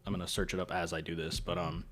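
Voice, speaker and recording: A man's voice: low voice, little pitch movement, quick pace, a bit bright. A young man hosting a casual podcast chat, telling stories animatedly and acting out both sides of the dialogue. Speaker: podcast host.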